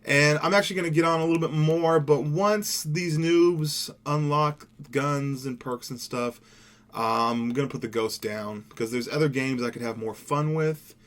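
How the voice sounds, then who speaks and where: Laid-back young man rambling over gameplay. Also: medium pitch. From Seattle, USA. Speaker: gaming YouTuber. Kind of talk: casual gameplay commentary.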